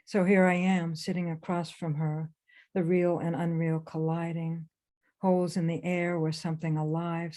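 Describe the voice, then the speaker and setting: A woman author reading her own memoir aloud for a webinar, in a measured, intense first-person delivery. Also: sits low, mellow. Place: remote webinar.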